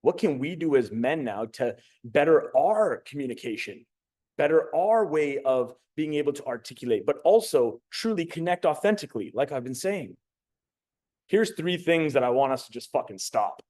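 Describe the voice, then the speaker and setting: On the high side and at a moderate pace, a young man speaks as a communication coach in a laid-back motivational talk. He doesn't hold back on swearing, and he acts out quotes as part of his animated storytelling.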